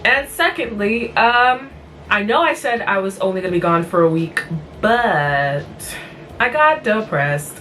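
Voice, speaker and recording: A woman's voice: medium pitch, very animated, measured pace, pushed and bright, recorded from a distance, slight background noise, rough recording. Tired, exasperated woman vlogger. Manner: exasperated, blunt, chatty. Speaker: vlog host reviewing cartoon episodes. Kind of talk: casual rambling recap.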